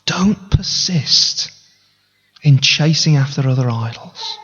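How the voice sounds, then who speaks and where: A man's voice: on the high side, lively intonation, slow pace, fairly bright tone, breathy edge, faint music behind. Earnest male pastor in a reverberant hall. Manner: earnest, conversational preaching with direct appeals. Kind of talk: sermon. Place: church sanctuary. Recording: reverberant hall, dull lo-fi sound.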